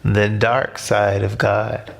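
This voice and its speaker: A man's voice: on the low side, level tone, creaky. A man doing a stern giant octopus lady. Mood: firm. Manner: firm, slow and instructive. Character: giant stern but caring female octopus.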